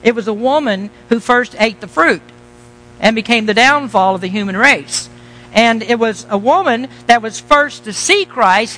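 A man's voice: very high-pitched, bright, forceful tone, low-quality recording. A middle-aged male pastor preaching a sermon in a conversational way, putting questions to his congregation and dropping teasing asides.

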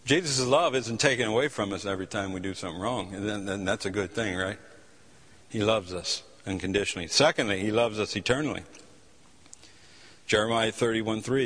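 Preacher in a reverberant church hall. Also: male voice, on the low side, a bit bright. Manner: impassioned storytelling preacher with repeated restarts. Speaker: pastor. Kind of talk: sermon.

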